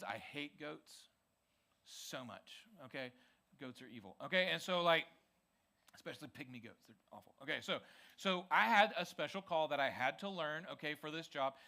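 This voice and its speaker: Guy preaching to students at church, bright voice, super chatty and energetic, keeps saying okay. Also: on the high side. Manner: energetic, conversational, frequent "okay?" check-ins. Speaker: youth pastor. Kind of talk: youth sermon. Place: church youth service.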